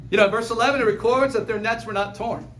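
High-voiced man preaching a sermon. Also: fairly even intonation, a bit bright. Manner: conversational preaching, quick asides, chuckles. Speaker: pastor.

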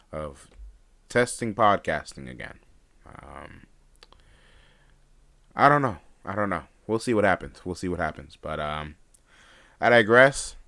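Young man with a deep groggy voice. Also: fairly bright tone, clean tone. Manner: rambling, hesitant, many fillers and restarts. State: groggy morning voice. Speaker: podcast host. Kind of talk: unscripted solo podcast talk.

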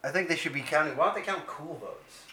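A man's voice: fairly high pitch, fast, bright, forceful tone. A man from Canada co-hosting a casual comedy chat, rambling and laughing easily. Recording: echoey room.

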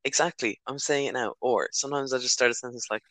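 A man's voice: mid-range voice, fast talker, fairly bright tone, dry recording. Laughing, chatty teenage guy. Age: teens. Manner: rambling, laughs often. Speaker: podcast co-host. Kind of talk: casual chat.

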